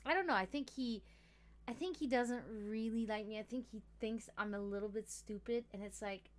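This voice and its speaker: Laughter punctuates the loose, curse-heavy chatter of a woman running a casual livestream. Her voice is on the high side, and she keeps a moderate pace.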